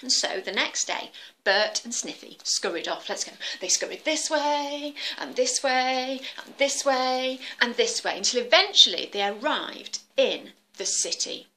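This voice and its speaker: Animated woman telling a children's tale. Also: high voice, measured pace. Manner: animated, expressive reading. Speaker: children's storyteller. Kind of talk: storytelling for children.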